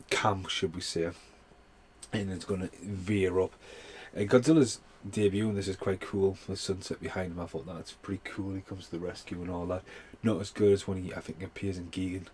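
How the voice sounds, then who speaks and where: A man's voice: sits low, a little mellow, a little hiss or hum. A man giving a rambling, heavily sworn casual film review, full of fillers. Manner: swears a lot, rambling with many fillers. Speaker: movie reviewer.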